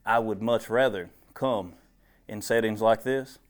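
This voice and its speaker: A man's voice: fairly low pitch, a little slow. A man preaching casually to a small group in a meeting room, joking and folksy, chatty, recorded on a clip-on wire mic.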